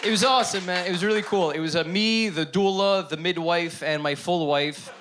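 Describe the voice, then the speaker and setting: A man's voice: high voice, brisk, crowd noise, background noise. A man performing a stand-up comedy set on a club stage before a live audience, talking animatedly and acting out the voices in his stories.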